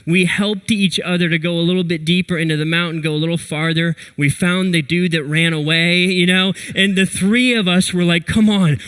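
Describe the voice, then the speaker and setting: A young man delivering a church sermon with a fairly high-pitched voice. He tells stories in an animated way, jumping up in pitch when he acts out what people said. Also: smooth, poor audio. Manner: storytelling with lively animated retellings. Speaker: pastor.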